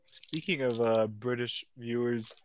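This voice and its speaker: A man's voice: medium pitch, measured pace, a little hiss or hum. A young man co-hosting a casual chat, rambling and full of filler words. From United States. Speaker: podcast co-host.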